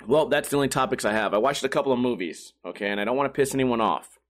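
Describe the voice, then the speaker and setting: A man's voice: mid-range voice, fast talker. A man ranting casually to his viewers, swearing often and rambling with restarts. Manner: profane, animated, rambling with restarts. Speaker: talker addressing viewers.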